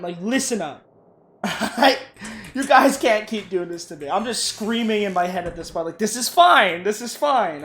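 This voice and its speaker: A man casually ranting and telling profane work stories while playing a game. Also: sits high. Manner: ranting, profane, animated storytelling. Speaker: gaming YouTuber. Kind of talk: casual rant over gameplay.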